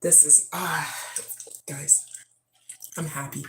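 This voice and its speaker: A woman vlogger chatting casually on a livestream, reading comments aloud. She talks in an effusive, excitable way, with bursts of prayerful praise. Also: mid-range voice, measured pace, pauses often, loud music behind the voice.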